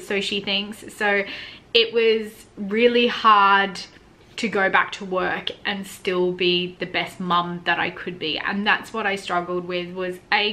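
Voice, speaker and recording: A woman's voice: medium pitch, bright, forceful tone. An Australian woman in her thirties, chatting casually to camera in a vlog and growing tearful and emotional as she talks. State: close to tears. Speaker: vlogger. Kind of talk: casual sit-down vlog chat.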